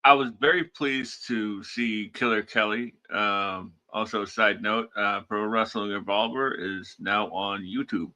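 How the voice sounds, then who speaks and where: Man with a sharp, low voice. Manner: relaxed, halting, with many "uh"s. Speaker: podcast co-host. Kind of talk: casual post-show chat.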